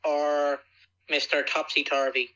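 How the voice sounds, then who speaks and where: Bright sharp-sounding guy on a podcast, teasing, jokey, playful. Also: a little high, flat delivery, low-quality recording. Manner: playful, teasing, quick to joke. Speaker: podcast co-host. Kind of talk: casual joking podcast chat.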